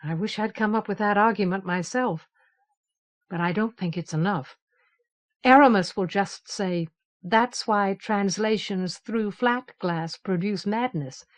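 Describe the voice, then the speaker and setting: A woman voicing a withdrawn, troubled young male imager in an audiobook, speaking in a measured, guarded way. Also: mid-range voice, lightly acted. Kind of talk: audiobook character reading.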